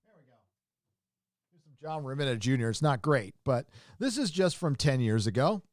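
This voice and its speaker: A man hosting a casual livestream with a medium-pitched voice. He rambles, restarts his sentences and reacts on the fly. The recording is dry and close, with almost no room sound. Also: sing-song, moderate pace, no echo. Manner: rambling, restarts often, chuckles and reacts to images. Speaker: show host.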